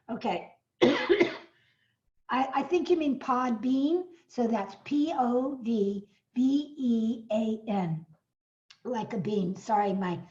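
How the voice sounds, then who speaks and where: Excitable woman pitching a webinar. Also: drawn-out words, pauses often, dull audio. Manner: excitable, bursts of cheering, frequent fillers. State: slightly hoarse, coughing. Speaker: speaker trainer hosting a live webinar. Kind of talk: enthusiastic sales pitch on a video call. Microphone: video call.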